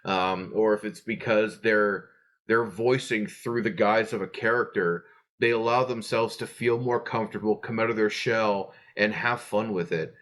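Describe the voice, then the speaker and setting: A man's voice: on the low side, steady tone, normal speed, fairly bright tone. A young adult man hosting a tabletop game channel, giving players tips in an earnest, chatty way full of fillers and restarts. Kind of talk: casual explanatory talk to camera.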